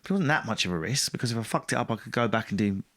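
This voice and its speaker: A man's voice: on the low side, expressive, very fast, a bit bright. A man telling his story as a podcast guest, blunt and self-mocking, swearing freely in casual talk. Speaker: podcast guest, stand-up comedian.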